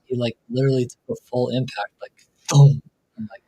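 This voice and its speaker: A man's voice: medium pitch, level tone, fast, dark tone, slightly rough. A man hosting a live stream, chatting casually and rambling with a laugh. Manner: laid-back, rambling, laughs at own jokes. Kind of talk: casual chat.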